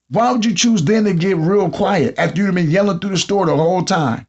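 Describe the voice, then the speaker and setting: Husky high-voiced Southern man riffing. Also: a little fast, hardly any pauses. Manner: animated storytelling, mimics customers. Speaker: podcast host. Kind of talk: comedic monologue. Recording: dull lo-fi sound.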